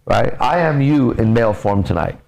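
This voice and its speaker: A man's voice: mid-range voice, moderate pace, creaky, rough recording. A man coaching on relationships in a blunt, profane, casual podcast talk. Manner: blunt, profane, lively storytelling.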